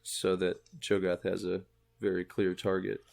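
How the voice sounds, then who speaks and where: A man narrating a tabletop game as game master, slow and halting with many fillers. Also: deep voice, completely flat delivery, creaky, a little mellow.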